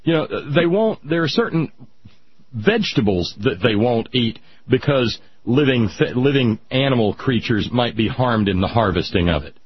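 A man hosting casual radio talk who rants loudly and slips into nerdy asides. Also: mid-range voice, normal speed. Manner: ranting, animated, nerdy asides. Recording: dull lo-fi radio sound.

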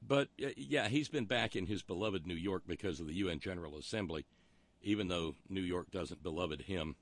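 A man's voice: low-pitched, a little fast, no echo. A man hosting a talk show, delivering a wry, rambling monologue full of historical asides. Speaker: radio talk show host.

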